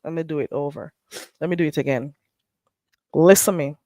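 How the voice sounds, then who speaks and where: A woman hosting a casual livestream while getting sick, animated and dropping into patois, swearing and laughing freely. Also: sits low, normal speed, pauses often, no echo. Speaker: livestream host.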